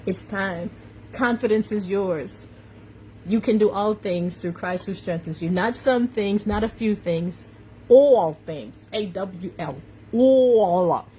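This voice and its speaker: This live-stream motivational talk comes from a woman coach with a faint New York accent, picked up by a phone or webcam on a social media live video with a little hiss or hum. Her medium-pitched voice is measured in pace and darkish in tone as she preaches emphatically, repeats her main phrases, and welcomes viewers by name.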